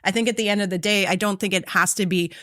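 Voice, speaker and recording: A woman's voice: mid-range voice, fairly even intonation, fast talker, sharp tone, no echo, studio quality. A woman co-hosting a podcast, speaking reflectively with many "I think" and "like" asides. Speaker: podcast co-host. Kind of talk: casual podcast chat.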